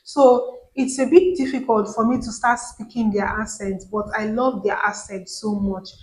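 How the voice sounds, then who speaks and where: A woman's voice: mid-range voice, fairly even intonation, normal speed, poor audio. A woman from Nigeria with a Nigerian accent, chatting casually to camera as a vlogger and repeating words for emphasis.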